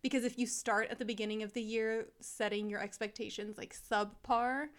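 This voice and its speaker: A woman's voice: a little high, fairly even intonation, normal speed, clean tone. A woman teacher co-hosting a podcast in casual chat, talking about her classroom expectations with frequent "like" and easy laughter. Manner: chatty, laughs often, frequent "like".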